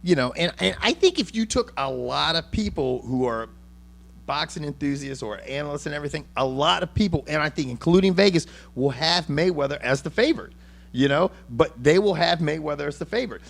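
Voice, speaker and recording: A man's voice: a little high, a little fast, vocal fry. A man hosting a casual boxing chat, cursing freely and rambling through his points with many restarts. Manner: profane, rambling, animated. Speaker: podcast host.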